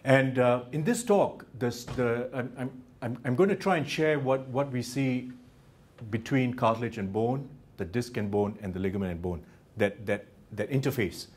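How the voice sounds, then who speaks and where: A man with a New Zealand accent giving a university lecture, halting with many restarts and fillers and dropping in joking asides. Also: mid-range voice, a little mellow, husky. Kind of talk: academic lecture. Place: lecture theatre.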